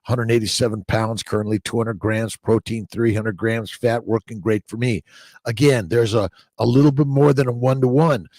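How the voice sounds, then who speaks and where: A man with a gravelly, creaky voice hosts a casual livestream, reading viewer comments aloud and greeting people by name. His talk is rambling and upbeat, full of repeated catchphrases and restarted words. The sound is dry and close, with no room around it. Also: medium pitch, steady tone, normal speed, darkish tone, no echo. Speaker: livestream host.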